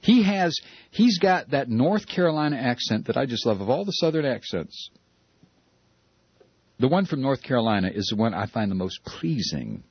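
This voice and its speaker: Heated, animated man on talk radio. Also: mid-range voice, normal speed, slightly rough, dry recording, highs cut off. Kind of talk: opinionated talk radio monologue.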